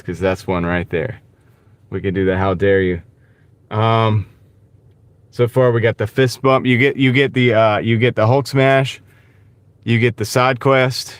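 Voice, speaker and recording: A man hosting a casual live stream, talking in a halting, rambling way with many fillers and greeting viewers by name. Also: lowish voice, clear, resonant tone, dry recording. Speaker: gig-driving livestream host. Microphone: wireless clip-on mic.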